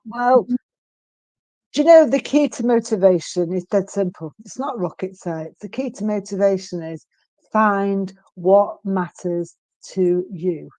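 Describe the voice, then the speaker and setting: A woman in her fifties, a guest in an interview, speaking earnestly and emphatically with frequent pauses and restarts. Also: mid-range voice, expressive, dark tone, dry recording. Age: 50s. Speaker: guest, stroke survivor. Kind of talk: candid interview conversation.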